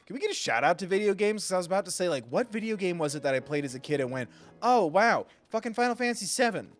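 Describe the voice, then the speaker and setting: A man's voice: high-pitched, lively intonation, very fast. Rambling, foul-mouthed gaming streamer man. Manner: rambling, swears freely. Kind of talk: casual live gameplay commentary.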